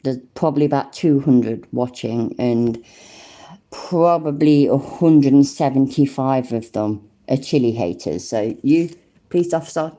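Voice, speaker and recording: A woman's voice: very deep voice, a little slow, warm tone. A woman giving casual reaction commentary on a video, sarcastic and mocking, swearing freely.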